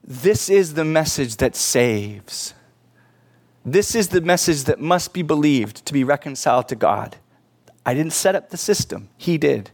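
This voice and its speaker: A man's voice: on the high side, expressive, a little slow. A middle-aged man preaching a sermon in church, earnest and pleading, with casual asides to the congregation. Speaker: pastor.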